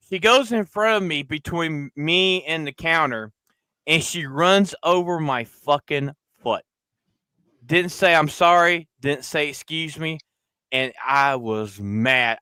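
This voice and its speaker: A man hosting a podcast, telling a crude story loudly and acting out the other people in it. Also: fairly high pitch, smooth, no room sound. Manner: loud, crude, animated storyteller, acting out quoted voices. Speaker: podcast host. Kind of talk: casual storytelling chat.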